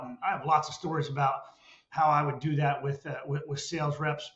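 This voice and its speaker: A man's voice: on the high side, a little fast, fairly bright tone, muffled recording. Reflective man in a roomy room. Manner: reflective, storytelling with many restarts. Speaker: guest, former sales executive. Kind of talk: casual interview conversation.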